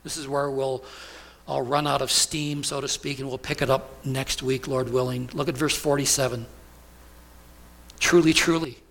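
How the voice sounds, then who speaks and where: A middle-aged male pastor preaching a sermon, slow and emphatic, putting repeated questions to his congregation. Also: a little high, gravelly, a bit bright.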